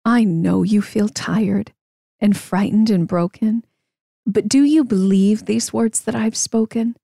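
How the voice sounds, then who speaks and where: A woman voicing a calm, wise and kind man in a rhyming storybook read-aloud, slow and reassuring. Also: medium pitch, breathy edge, dry recording, studio quality. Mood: gentle. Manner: gentle, slow, reassuring rhyme.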